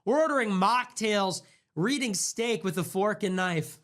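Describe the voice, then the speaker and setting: A young man hosting a livestream, ranting casually in a sarcastic, mocking, profane way, jumping between squeaky mock voices and low mutters. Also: lively intonation, a little slow, fairly bright tone. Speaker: livestream host.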